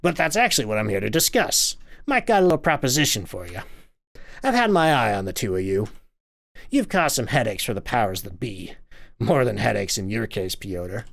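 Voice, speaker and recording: A man voicing a gruff, fed-up middle-aged male foreman who swears and complains loudly in a game. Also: fairly low pitch, big pitch swings, normal speed, exaggerated voice. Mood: irritated.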